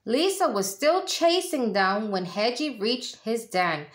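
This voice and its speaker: Teacher lady reading a kids book slow, lively pitch, echoey room. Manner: slow, expressive storytelling. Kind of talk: reading a picture book aloud.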